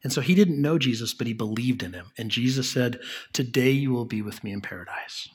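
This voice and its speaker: Male pastor, relaxed conversational preaching, slightly husky tone, leans quiet for emphasis. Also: mid-range voice, fairly quick. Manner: conversational, drops to a soft hush on key lines. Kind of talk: sermon.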